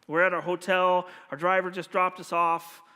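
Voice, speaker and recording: A man's voice: high voice, little pitch movement, moderate pace, bright, forceful tone, smooth. A male pastor preaching a sermon, telling stories animatedly and acting out the dialogue. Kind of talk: sermon with storytelling. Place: church sanctuary. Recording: long hall reverb with faint music.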